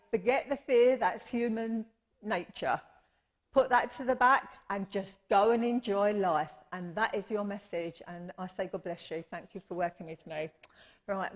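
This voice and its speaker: A woman medium giving readings at a church service, chatty and affectionate, often calling people her lovely and apologising. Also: mid-range voice. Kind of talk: live mediumship demonstration.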